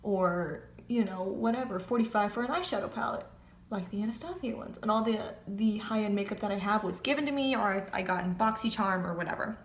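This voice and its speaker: A young woman in casual chat, rambling on with plenty of "like" and "whatever" as she tells her story. Her voice sits at an ordinary middle pitch. The echoey room has a faint hiss underneath. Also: a little fast. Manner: chatty, rambling storytelling with many fillers. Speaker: beauty vlogger.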